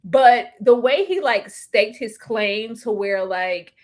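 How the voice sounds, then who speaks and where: Woman host, casual livestream chat, animated and slangy, sits a bit high. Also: slow pace. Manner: animated, slangy, laughs often.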